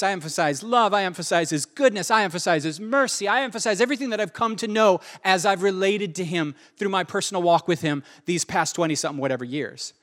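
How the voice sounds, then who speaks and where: Male pastor with a high voice and an earnest, conversational preaching style that leans on repetition. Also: a bit bright. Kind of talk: sermon.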